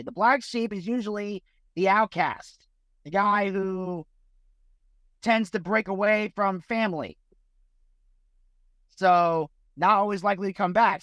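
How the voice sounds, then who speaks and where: A man's voice: high-pitched, measured pace, fairly bright tone, dry recording. A man co-hosting a podcast, making emphatic points and posing rhetorical questions in casual discussion. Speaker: podcast co-host.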